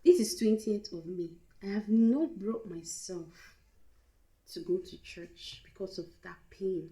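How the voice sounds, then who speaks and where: A young woman with a Nigerian accent shares a personal storytime vlog, open and emotional, dropping into pidgin phrases. Her voice is soft and mellow. The room around her sounds echoey. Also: medium pitch, unhurried. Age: young adult. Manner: candid and emotional, mixing in pidgin. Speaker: vlogger.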